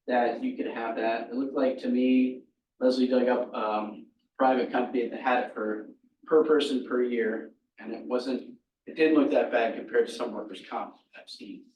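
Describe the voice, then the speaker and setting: A man gives a workshop talk, racing through his points like an auctioneer. He sits at an ordinary middle pitch and sounds far from the mic. The room echoes, with faint noise underneath. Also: dull audio. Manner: rapid-fire, talks like an auctioneer. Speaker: workshop presenter. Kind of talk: fast informal presentation. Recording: roomy, distant audio with faint noise.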